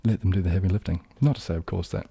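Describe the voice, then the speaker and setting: Speaking at a racing pace, a young New Zealand man with an accent drifting toward southern English hosts a live chat as an ASMR streamer. His voice is low, dark and husky, recorded close and dry, and he rambles casually and self-deprecatingly through ums and false starts.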